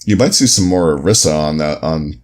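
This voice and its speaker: Low-voiced guy on a gaming podcast, laid back, lots of you know and um. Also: expressive, a little fast. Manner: easygoing, loose, fills with "you know" and "um". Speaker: co-host. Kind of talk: casual esports podcast chat.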